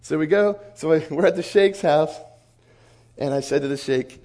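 A man preaching in an animated storytelling sermon, acting out the dialogue of the people in his stories. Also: a little high, moderate pace. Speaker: pastor.

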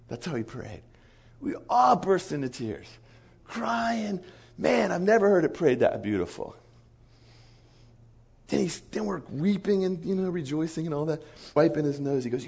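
A man preaching a sermon, telling a story with animated acted-out dialogue. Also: on the high side, normal speed, creaky, husky.

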